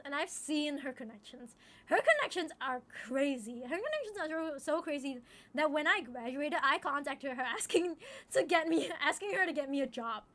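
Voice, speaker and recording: High, bright-voiced young woman streamer. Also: moderate pace, faint music behind. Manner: talkative, repeats phrases and laughs often. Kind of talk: casual chat with stream viewers.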